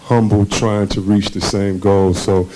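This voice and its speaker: A man's voice: on the low side, level tone, measured pace, background noise. A man, a former basketball player being interviewed on a conference stage, tells his stories casually and animatedly, acting out the voices of people he quotes and laughing often.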